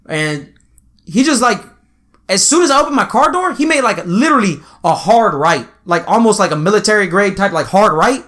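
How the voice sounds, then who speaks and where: A podcast co-host with a high voice talks a little fast in casual chat, telling stories animatedly. He swears often and acts out quotes.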